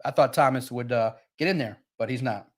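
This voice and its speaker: The host of a sports livestream, a man with a medium-pitched voice, talks a little fast, chatting casually and energetically with his viewers in chat.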